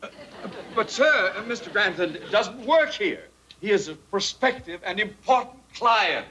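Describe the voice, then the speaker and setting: Stuffy bank manager, kinda high bright voice, a bit husky, stammers a lot. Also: male voice, animated, unhurried, full character voice. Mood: flustered. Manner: stammering when flustered, pompous. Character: blustery, pompous middle-aged male bank manager. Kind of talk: 1960s sitcom acting.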